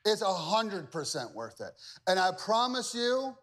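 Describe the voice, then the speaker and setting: A male pastor giving a conversational sermon, animated and repetitive, swinging between loud emphasis and hushed asides. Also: high voice, a little slow.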